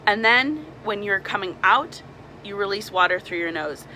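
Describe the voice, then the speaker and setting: Bright-voiced woman giving mermaid swim tips. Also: medium pitch, animated, normal speed, slight background noise, low-quality recording. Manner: demonstrates nasal speech and K sounds. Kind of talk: casual how-to explainer.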